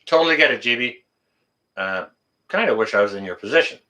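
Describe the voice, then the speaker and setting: A man's voice: medium pitch, animated, fairly quick, pushed and bright. A man hosting a casual live stream, answering chat in a blunt, joking way and swearing freely.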